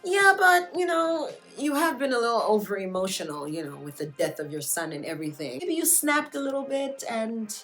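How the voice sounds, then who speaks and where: A woman's voice: on the high side, very animated, fairly quick, few pauses, a bit bright, faint music behind. A woman voicing a condescending male royal councillor who talks down to the queen. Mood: patronizing. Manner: patronizing, smug.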